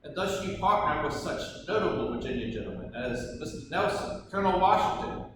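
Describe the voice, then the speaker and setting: A man's voice: high-pitched, animated, brisk. A man playing a showy Irish lawyer. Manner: theatrical, leading questions. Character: pompous Irish colonial lawyer, showy questioner. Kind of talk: live historical courtroom reenactment. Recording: echoey hall, distant mic, background noise.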